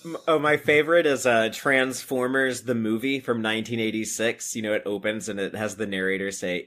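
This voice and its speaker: A man co-hosting a casual comics podcast, speaking in a relaxed, agreeable way. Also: lowish voice, fairly quick, hardly any pauses. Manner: relaxed, agreeable, short interjections. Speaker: podcast co-host. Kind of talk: casual chat about comics.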